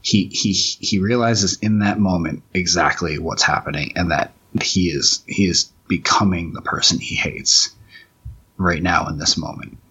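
Deep husky man talking comics. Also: pushed and bright, dull audio. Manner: rambling, halting, many restarts and fillers. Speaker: comic book writer. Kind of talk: commentary track, casual chat.

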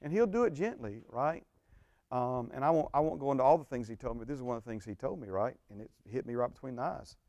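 A man's voice: mid-range voice, expressive, fast, darkish tone, dry recording. A man who is a pastor, teaching a church group in a folksy, joking way and saying amen often.

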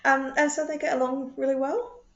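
A woman's voice: sits high, little pitch movement, normal speed, a bit bright. A woman hosting a casual interview, asking short questions and giving brief encouraging replies. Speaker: podcast host. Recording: echoey, dull lo-fi sound.

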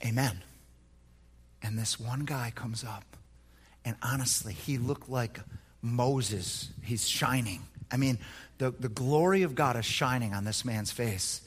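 A man preaching a sermon as a pastor, with many halting restarts, swinging between hushed near-whispers and passionate shouted peaks. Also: mid-range voice, slightly rough, in a large hall.

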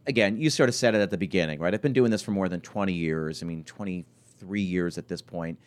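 Man, forties, restaurant podcast host, animated storytelling, frequent fillers, lowish voice. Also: fairly quick. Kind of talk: conversational interview.

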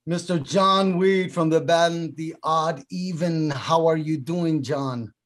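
A man's voice: on the high side, slow, fairly bright tone. A man co-hosting a podcast, introducing the guest and asking him questions in a friendly way. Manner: friendly interviewer, asks questions. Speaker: podcast co-host. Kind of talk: casual chat.

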